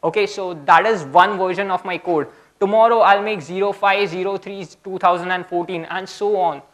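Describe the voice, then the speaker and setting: A man's voice: high-pitched, steady tone, moderate pace, fairly bright tone. A young man giving a casual, chatty technical talk at a conference, often checking in with "okay?". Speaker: conference speaker.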